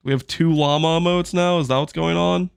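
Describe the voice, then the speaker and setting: Guy streaming a game, kinda high voice, joking around w chat. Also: fairly even intonation, brisk, creaky, clear, resonant tone, no echo. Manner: joking, chats with viewers while playing. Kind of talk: casual live-stream chat while gaming.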